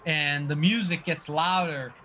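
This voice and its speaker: A man narrating a tabletop game as dungeon master, halting and restarting often as he describes the scene. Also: fairly high pitch, fairly even intonation, bright, forceful tone.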